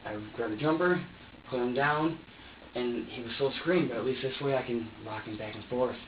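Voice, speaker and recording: A man's voice: medium pitch, moderate pace, slight background noise. Rambling man in an echoey interrogation room. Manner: rambling, repeats himself, acts out what he said. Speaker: suspect being questioned. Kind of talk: police interrogation. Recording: echoey, distant, dull lo-fi room recording.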